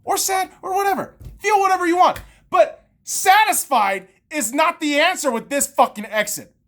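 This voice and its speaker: A woman's voice: very high voice, normal speed. A woman podcast host, in her thirties, on a heated and profane sports rant full of sarcastic jabs.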